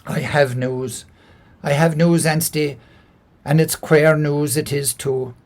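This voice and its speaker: A man's voice: on the high side, flat delivery, slow. Dazed Irish countryman, hesitant and earnest, in a folk tale, read by a male storyteller. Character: preoccupied old country man.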